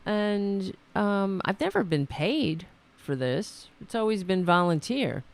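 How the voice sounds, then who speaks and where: A woman's voice: mid-range voice, big pitch swings, slow, gravelly. A woman hosting a political commentary show, talking in a sarcastic, mocking and rambling way, with many restarts. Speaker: host. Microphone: computer mic on a call setup.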